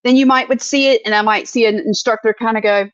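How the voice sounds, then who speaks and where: A woman's voice: fairly high pitch, steady tone, fast talker, dry recording. A middle-aged woman, co-hosting a casual chat and telling stories with acted-out quotes. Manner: earnest, storytelling with acted-out quotes. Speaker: podcast co-host. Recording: dull, dry sound.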